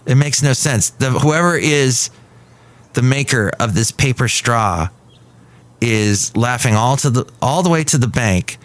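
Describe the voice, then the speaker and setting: A man's voice: mid-range voice, lively intonation, a little slow. Playful rambling podcast man. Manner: rambling, playful, jokey asides. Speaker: podcast host. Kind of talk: comic one-man podcast.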